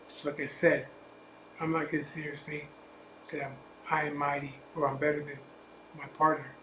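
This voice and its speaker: A man with a Chicano English accent, a biker vlogger, rants bluntly and unscripted to the camera in a voice on the high side, with little pitch movement and a moderate pace. He's profane and defiant, returning to repeated asides. The room sounds echoey, with a faint hum in the background.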